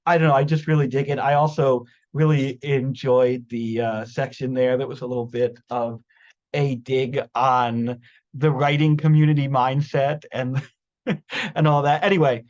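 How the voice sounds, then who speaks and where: Excitable tongue-tied male host, lo-fi. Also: medium pitch, normal speed. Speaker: host of a reading event. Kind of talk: casual enthusiastic chat.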